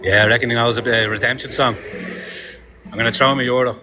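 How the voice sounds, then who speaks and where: A man's voice: medium pitch, fairly even intonation, fast, over music. An Irish man chatting casually on a live stream from city streets, reading viewer comments aloud and swearing freely.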